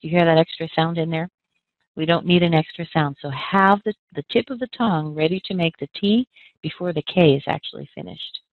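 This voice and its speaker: A woman's voice: sits low, no echo. Patient American woman teaching pronunciation. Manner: patient, clear, demonstrates sounds slowly. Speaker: accent trainer. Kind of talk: pronunciation lesson. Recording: dry, phone-like narrow sound.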